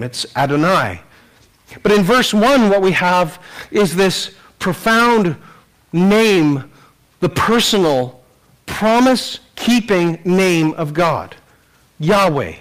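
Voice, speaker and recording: A man's voice: fairly high pitch, rough recording. A man preaching a sermon, earnest, voicing the psalmist's cry with rising intensity, with some restarts. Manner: occasional restarts and throat clearing. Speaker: pastor.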